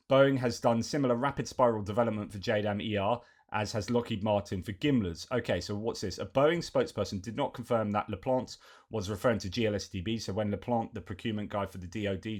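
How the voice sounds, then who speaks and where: A man's voice: on the low side, steady tone, fast, a little mellow. A man giving casual news commentary, chatty and reeling off lists with frequent fillers.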